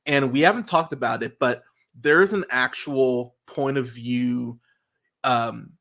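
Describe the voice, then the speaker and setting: Bright, forceful man in casual podcast chat. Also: slow pace. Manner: animated, swears freely, voice jumps high when worked up. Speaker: podcast co-host reviewing a TV series.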